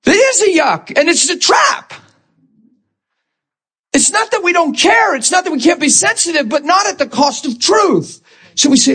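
A man preaching a sermon to his congregation, impassioned and animated, rising to shouts and stumbling over repeated words. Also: normal speed, long pauses. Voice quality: high-pitched, animated, stammering repeats. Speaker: pastor.

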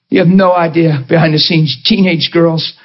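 A male preacher delivering a passionate sermon, telling stories and swinging between excited high exclaims and quiet, intimate tones. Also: normal speed. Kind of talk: passionate sermon to a live group. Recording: dull lo-fi live recording.

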